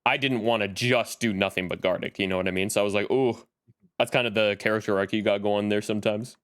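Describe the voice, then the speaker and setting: A man's voice: on the low side, steady tone, fast, a bit bright, clean tone. A man streaming live in casual chat, greeting viewers by name as he talks.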